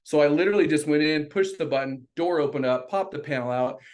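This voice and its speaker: Animated man telling a workplace story. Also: quick pace. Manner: animated, acts out quoted voices in a high pitch. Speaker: podcast guest. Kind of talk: casual storytelling.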